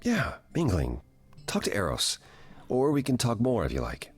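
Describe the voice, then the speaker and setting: An actor playing a calm male god who gently advises a newcomer in a reassuring way. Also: medium pitch, normal speed, husky. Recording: game audio with faint music.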